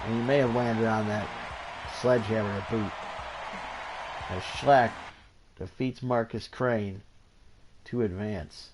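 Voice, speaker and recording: A man hosting a video game show, giving excitable play-by-play commentary on a wrestling match and chuckling along. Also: on the low side, slow pace, pauses often, background noise.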